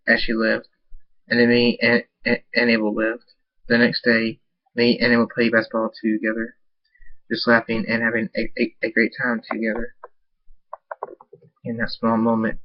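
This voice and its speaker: A man's voice: mid-range voice, no room sound. A man narrating his own fan story aloud in an unpolished reading that stumbles over words. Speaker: amateur fan-fiction narrator. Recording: dull lo-fi dry recording.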